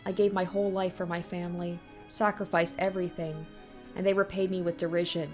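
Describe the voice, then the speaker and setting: A woman's voice: on the low side, level tone, fairly quick, a little mellow, faint music behind, close to an everyday voice. A woman reading aloud the lines of a bitter, dying young man in a visual novel.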